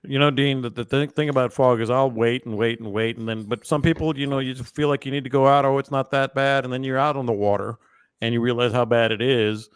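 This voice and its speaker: A man with a mid-pitched, smooth voice hosts a casual podcast chat. He talks frankly about his own caution on the water. The sound is dry and close. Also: steady tone, no room sound. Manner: frank, chatty, quick to laugh along. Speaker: podcast host.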